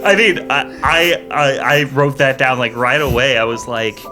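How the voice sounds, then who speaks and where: A man's voice: mid-range voice, fairly even intonation, unhurried, over music. A man in his thirties co-hosting a podcast, chatting casually and thoughtfully, often agreeing. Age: 30s. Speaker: podcast co-host. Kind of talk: casual review chat.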